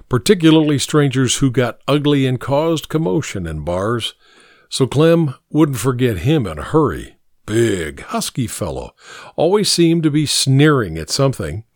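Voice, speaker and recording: A man reads a story aloud in a measured, expressive way. His pitch rises and falls a lot while his pace stays slow. The sound is dry and close. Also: no echo. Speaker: narrator. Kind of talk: story reading.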